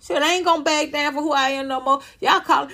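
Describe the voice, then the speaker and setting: A woman's voice: high-pitched, steady tone, fast talker, bright, forceful tone. Emphatic, profane woman in her fifties. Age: 50s. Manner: emphatic, profane, repeats herself. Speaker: vlogger. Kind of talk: ranting monologue.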